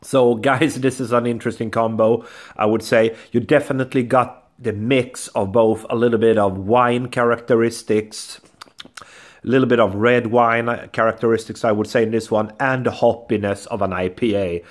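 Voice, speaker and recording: Male vlogger, chatty beer reviewer, mid-pitched, casual address to viewers. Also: fairly even intonation, moderate pace. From Sweden. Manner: chatty, addresses viewers as guys, repeats "I would say". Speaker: beer reviewer, channel host. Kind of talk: casual tasting review vlog.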